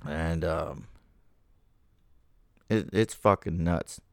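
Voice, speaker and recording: A man's voice: sits low, very slow, gravelly, dry recording, studio quality. A man hosting a casual solo podcast from home, ranting with lots of swearing and working himself up as he talks. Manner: profane, ranting, gets heated. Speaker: podcast host.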